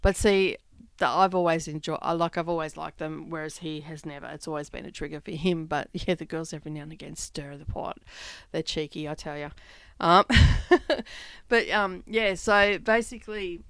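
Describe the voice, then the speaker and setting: Chatty woman, smooth voice. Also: low-pitched, steady tone, fairly quick, a bit bright, dry recording. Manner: chatty, rambling, laughs often. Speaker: craft vlog host. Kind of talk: casual storytelling while stitching. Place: home craft studio.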